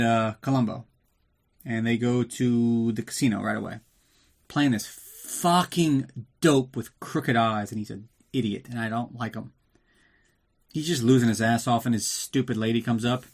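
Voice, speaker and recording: Drinking as he goes, a man hosts a laid-back movie recap podcast full of sarcastic rants and frequent swearing. He speaks at a moderate pace in a medium-pitched voice.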